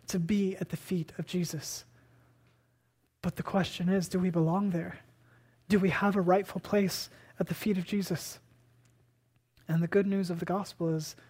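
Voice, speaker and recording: A pastor preaching a sermon, emphatic, posing rhetorical questions and moving between hushed lines and loud ones. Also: mid-range voice, breathy edge. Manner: asks and answers rhetorical questions.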